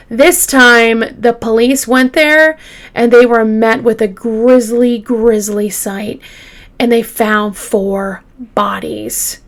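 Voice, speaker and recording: A woman hosting a true crime show, retelling a case casually with halting fillers and restarts, openly shaken by the grim details. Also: on the high side, fairly even intonation. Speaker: true crime podcast host.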